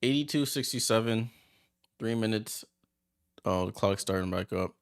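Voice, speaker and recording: A man hosting a watchalong, giving chatty, excitable play-by-play as he reacts aloud to the game. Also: fairly low pitch, moderate pace. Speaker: watchalong host. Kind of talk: casual live play-by-play commentary.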